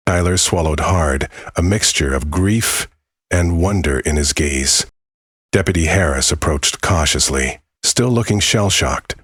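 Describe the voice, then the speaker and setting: A man narrating a dramatic story in a very deep, husky voice. His delivery is measured and solemn. The sound is close and completely dry. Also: a bit bright, no echo.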